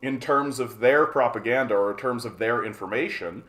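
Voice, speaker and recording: Animated Canadian man ranting on a livestream. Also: mid-range voice, moderate pace, background noise. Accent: Canadian English. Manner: animated and profane, frequent restarts and filler; answers chat questions aloud. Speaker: livestream host. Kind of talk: ranting political livestream commentary.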